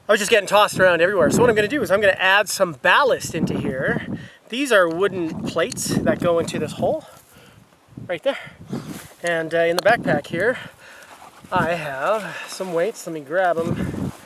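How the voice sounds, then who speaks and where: A man's voice: high voice, normal speed. A man casually explaining his hobby outdoors on a hilltop, talking step by step with plenty of fillers. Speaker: RC glider pilot and vlogger. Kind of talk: casual outdoor vlog with tips. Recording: wind noise on an outdoor camera mic.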